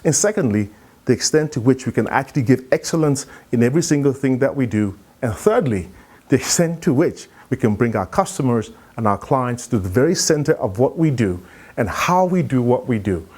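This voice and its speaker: A man giving a conference talk, telling a story in an animated way and acting out the dialogue. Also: mid-range voice, fairly quick, husky. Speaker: keynote speaker.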